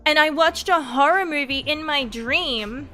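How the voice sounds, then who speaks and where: Bright, high-voiced tired young woman streamer. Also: unhurried, soft background music. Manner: rambling, animated storytelling with many fillers. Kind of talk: casual late-night stream chat.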